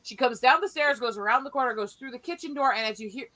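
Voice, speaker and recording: A woman telling family stories in a casual chat, animated and profane, often laughing as she talks. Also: on the high side, fast, poor audio.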